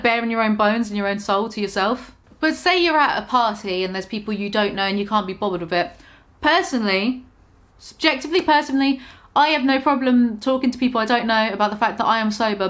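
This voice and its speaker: A woman's voice: a little high, fairly quick, a bit bright. A young British woman vlogging casually, talking frankly and with self-mocking humour about staying sober. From Britain. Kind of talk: casual confessional vlog.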